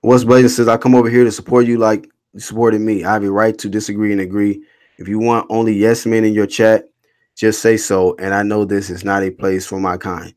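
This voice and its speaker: A man's voice: lowish voice, fairly quick. A man hosting a casual boxing livestream, reading chat comments aloud and answering them in a blunt, slangy, swearing rant. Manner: blunt, animated, reads chat comments aloud and rants back.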